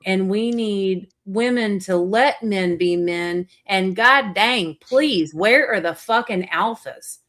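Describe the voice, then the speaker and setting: A woman's voice: medium pitch, takes it slowly, few pauses, a bit bright. A middle-aged woman hosting a casual chat, talking bluntly and emphatically with frequent swearing. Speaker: podcast host.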